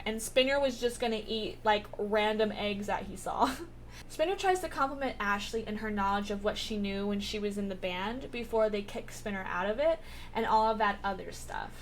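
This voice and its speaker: A woman's voice: mid-range voice, slight background noise. A woman vlogger recapping a TV episode in a casual, rambling way, with lots of filler words and swearing.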